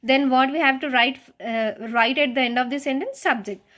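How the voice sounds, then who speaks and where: High-voiced woman teaching grammar step by step. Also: moderate pace, a bit bright. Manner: step-by-step explaining with rhetorical questions, repeating phrases; frequent hesitant restarts. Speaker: schoolteacher. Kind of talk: recorded grammar lesson.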